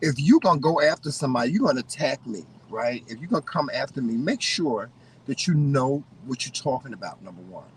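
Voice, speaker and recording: A man co-hosting a casual chat, giving opinions in an animated way and often restarting his sentences. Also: mid-range voice, brisk, husky, distant mic, poor audio. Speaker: co-host.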